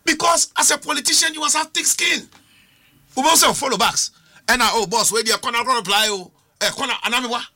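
Speaking at an extremely high pitch and a quick pace, this middle-aged Ghanaian man sounds bright and forceful as a panelist on a political talk show. He argues emphatically in more than one language, piling up rhetorical questions.

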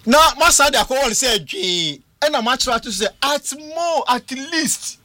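Ghanaian male host, high bright voice, lively chat, dry sound. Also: slow pace, no echo. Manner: animated, laughing, repeats words. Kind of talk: casual discussion mixing English and Twi.

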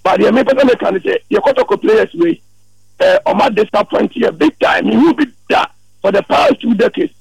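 A man calling in to a sports radio show, talking at length in an animated, rambling way. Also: sits high, moderate pace, gravelly, slightly rough, no room sound, rough recording. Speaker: caller. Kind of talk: call-in sports radio chat.

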